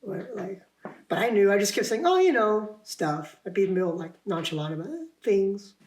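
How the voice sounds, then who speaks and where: A man's voice: sits high, fast talker, darkish tone, a little hiss or hum. A young man, a podcast guest and actor, talking casually in a rambling, self-deprecating way, laughing often and restarting his sentences. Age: young adult. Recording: roomy echo.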